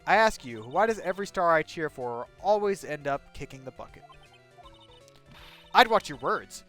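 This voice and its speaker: A man puts on a cranky, nosy old woman who scolds everyone in a shrill, bossy voice, swinging wildly up and down in pitch. Faint music plays behind. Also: animated, moderate pace, a bit bright. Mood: scolding.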